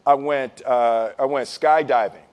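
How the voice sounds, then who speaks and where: A man telling a lively personal story to an audience, laughing often and restarting his words as he goes. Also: medium pitch, a little slow, clean tone. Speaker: guest speaker telling a story. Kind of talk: animated anecdotal storytelling.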